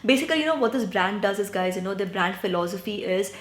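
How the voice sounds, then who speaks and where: A woman's voice: medium pitch, expressive, fast, slight background noise. Chatty woman vlogging skincare tips. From India. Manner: chatty, frequent "right?" and "guys". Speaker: beauty vlogger. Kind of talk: casual skincare advice vlog. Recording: echoey room.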